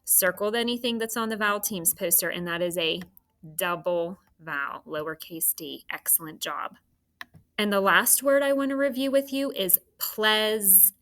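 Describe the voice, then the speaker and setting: A woman's voice: mid-range voice, moderate pace, a bit bright. A woman teaching a phonics lesson to children, patient and encouraging as she sounds out words.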